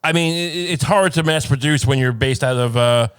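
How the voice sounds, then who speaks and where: A man co-hosting a comedic podcast, tossing in quick deadpan one-liners. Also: medium pitch, clear, resonant tone, no echo. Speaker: podcast co-host.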